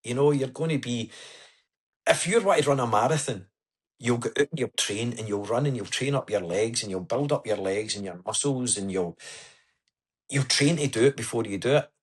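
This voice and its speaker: Husky man, earnest storyteller. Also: medium pitch, brisk. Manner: earnest, storytelling, says "aye" and "wee" often. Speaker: podcast guest. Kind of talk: casual interview chat.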